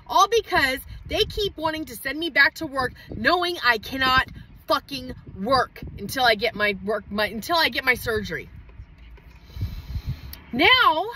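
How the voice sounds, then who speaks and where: A woman with a high, bright voice rants on a phone livestream from inside her parked truck. She is heated and profane, with her words spilling out in quick bursts. A faint hum of noise sits behind her. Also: poor audio. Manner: heated, profane, rapid outbursts. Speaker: mother livestreaming an update. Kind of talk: emotional livestream rant.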